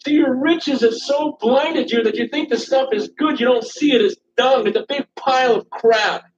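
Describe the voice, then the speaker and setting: A man's voice: very high voice, moderate pace. A man preaching a sermon, urgent and impassioned, often repeating words as he restarts a thought. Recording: echoey, distant, dull church recording.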